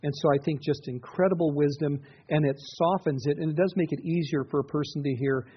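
A middle-aged man, a pastor, preaches sincerely and conversationally, restarting his sentences a lot. He talks fast with few pauses in a mid-range, slightly rough voice. The sound is dull, muffled and lo-fi.

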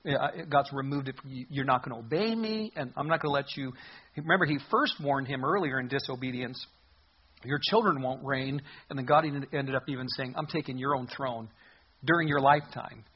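A man's voice: medium pitch, normal speed, husky, highs cut off. A man preaching as a pastor, reading Bible verses aloud and explaining them in an emphatic, conversational way. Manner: reads scripture aloud then comments conversationally, emphatic. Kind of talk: expository Bible teaching.

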